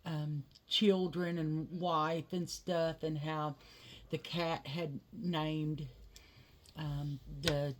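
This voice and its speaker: A woman's voice: low voice, flat delivery, very slow, slight background noise. A woman telling a rambling family story in casual chat while doing her makeup, full of fillers. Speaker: vlogger, mother.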